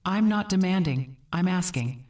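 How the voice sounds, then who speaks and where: A woman voicing a desperate adult daughter who pleads and begs, turning sharp. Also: fairly low pitch, expressive, normal speed, distant mic, voice pushed up, close to an everyday voice. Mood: defensive. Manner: pleading, tearful, rising to sharp.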